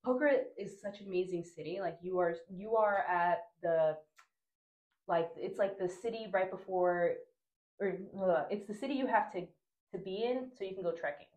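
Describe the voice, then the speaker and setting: Animated woman telling a travel story, echoey room. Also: medium pitch, normal speed. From Honduras. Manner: animated, laughs often, many fillers and restarts. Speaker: guest. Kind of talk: casual storytelling chat.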